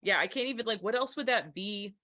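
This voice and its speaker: A woman hosts a podcast interview casually and chattily, full of enthusiasm and quick laughs. Her mid-range voice is bright, forward and animated, and the recording is close and dry.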